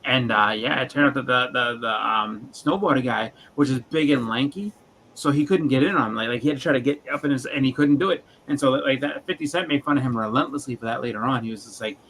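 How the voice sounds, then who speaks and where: Bright-voiced rambling male storyteller. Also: medium pitch, fast talker, slight background noise, low-quality recording. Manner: rambling storyteller, acts out quotes in funny voices. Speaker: livestream co-host. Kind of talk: casual chat.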